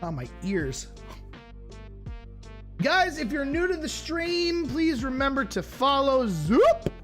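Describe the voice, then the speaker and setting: A man's voice: extremely high pitch, very animated, takes it slowly, a bit bright, faint music behind. A man streaming live, chatting casually and playfully with his audience while reacting to videos. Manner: chatty, playful, talks straight to his chat.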